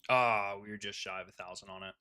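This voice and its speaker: A man's voice: fairly low pitch, steady tone, fast talker, over a noisy crowd. A man giving casual live commentary on his day trades, laid-back and swearing freely as he talks with fellow traders.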